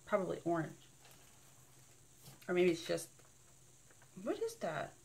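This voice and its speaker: A woman's voice: on the low side, huge pitch swings, a little slow, gravelly, darkish tone. A woman vlogging an unboxing in a casual, bubbly and rambling way, gushing over each item. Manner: bubbly and gushing, squealing with delight; rambling and chatty.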